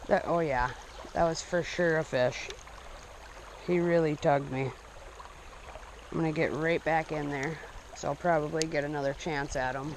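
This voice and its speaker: A young man narrating his fishing trip casually outdoors, breaking into excited outbursts when he hooks a fish. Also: fairly high pitch, unhurried, long pauses, slight background noise. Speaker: fishing vlogger. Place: outdoors by a small stream. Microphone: action camera. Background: running stream water.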